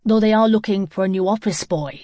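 A woman reading an audiobook and voicing an honest teenage boy who speaks forcefully and reproachfully. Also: medium pitch, fast talker, dry recording, close to an everyday voice. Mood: indignant.

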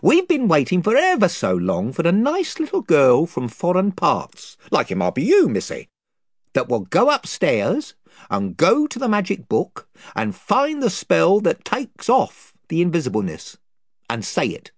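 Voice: medium pitch, huge pitch swings, a little slow, no echo, studio quality, pitched above the performer's own voice, full character voice. A reader voicing the rambling, folksy chief of a band of invisible creatures, who is both servile and threatening.

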